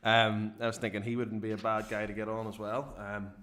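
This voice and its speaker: A middle-aged man hosts a loose live-stream chat in a fairly low voice. He is talkative, laughs easily and swears in passing. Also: level tone, a little fast, a bit bright. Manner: chatty, laughs often, swears casually. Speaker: channel host.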